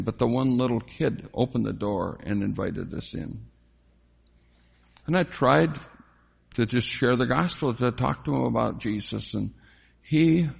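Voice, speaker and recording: An older man giving a reflective personal faith testimony, telling his story slowly with frequent pauses and fillers. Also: mid-range voice, gravelly, a little mellow, slightly rough. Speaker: testimony speaker.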